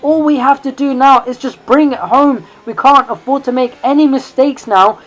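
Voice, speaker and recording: A woman giving excited, chatty commentary over her own racing game footage, correcting herself as she goes. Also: sits high, normal speed, rough recording. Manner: excitable, rising and louder in tense moments; chatty, self-correcting asides. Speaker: sim racing video creator.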